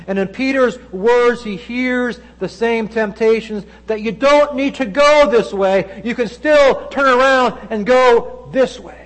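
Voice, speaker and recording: A man preaching a sermon, with dramatic delivery that swings between loud emphasis and hushed low asides. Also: unhurried, hardly any pauses, low-quality recording.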